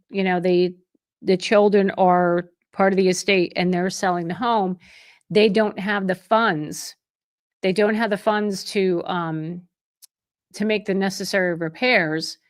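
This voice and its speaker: A middle-aged woman, a real estate agent, hosts a livestream Q&A, answering viewer chat in a chatty, conversational way and often restarting and correcting herself mid-sentence. Her voice is lowish, and she is openly emotional and effusive toward her viewers.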